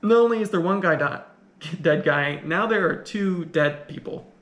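A man's voice: high-pitched, a little slow, a bit bright. A man casually recapping and commenting on an old film, talking in a loose, rambling way with frequent restarts. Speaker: film reviewer. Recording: echoey room.

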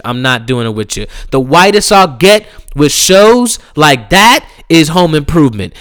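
Man, angry comedic rant, profane, swinging pitch, slightly high voice. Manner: profane, exasperated, loud ranting. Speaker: commentator. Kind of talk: ranting comedic commentary.

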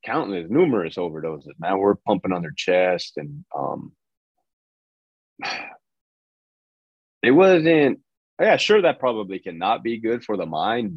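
A man's voice: lowish voice, no room sound, muffled recording. A man in his forties, a podcast guest, talking casually in a laid-back, profane way with many fillers. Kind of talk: casual interview talk.

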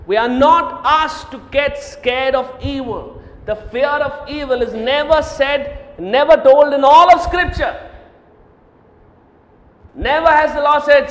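A man preaching with a very high voice that rings through a large, echoey church hall. He swings from loud, emphatic proclamations to quiet asides and repeats lines of Scripture for weight. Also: lively intonation, measured pace. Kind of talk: sermon. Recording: echoey hall, roomy reverb.

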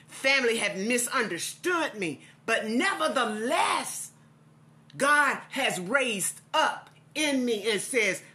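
Woman preacher, middle-aged, slow deliberate delivery, bright higher voice, impassioned repetitive cadence. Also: lively intonation. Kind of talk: devotional sermon.

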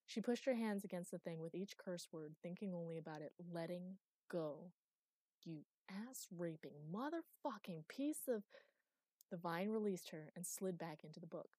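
A woman narrates an audiobook in a steady, wry storytelling voice. Her voice sits low, with a mellow, warm tone. The recording is close and dry. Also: dry recording. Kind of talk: scripted narration.

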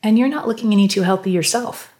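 Woman doing soft breathless caring lady, worried a lot. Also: medium pitch, quick pace, lightly acted. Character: caring, spirited woman, adult.

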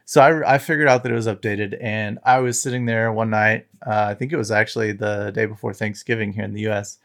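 A man with a gravelly, fry-edged voice sitting a little low, talking as a podcast guest. He reminisces casually and wanders through his stories, with plenty of "uh" and "like" along the way. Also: fairly even intonation, fairly quick, a bit bright. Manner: rambling, filler-heavy storytelling. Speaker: podcast guest, tech site founder.

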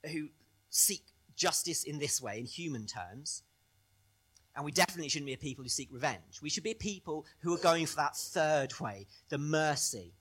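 Man, pastor, sermon, animated, bright forceful tone, slightly high voice. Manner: animated preaching that swings from loud to soft.

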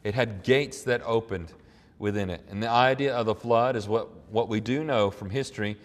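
A middle-aged man preaching a sermon. He talks earnestly, climbs to emphatic high points and then drops to quiet reflection. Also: normal speed, long reverb tail. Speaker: pastor.

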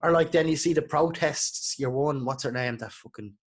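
A man's voice: fairly high pitch, normal speed. An Irish man hosting a podcast, speaking his mind bluntly and swearing freely. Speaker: podcast host. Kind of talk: casual chat.

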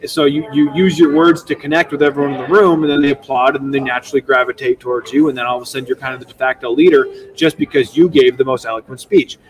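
A man's voice: medium pitch, fast talker, few pauses, distant mic, a crowd in the background, low-quality recording. Young man rambling, a bit off-mic. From United States. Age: young adult. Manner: rambling, animated, with many restarts. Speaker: state legislator guest. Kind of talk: casual podcast interview.

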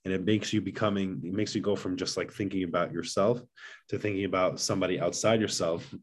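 A man's voice: sits low, fairly even intonation, quick pace. A middle-aged man talking earnestly as a podcast guest about fatherhood. He often repeats words and restarts his sentences. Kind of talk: casual podcast conversation.

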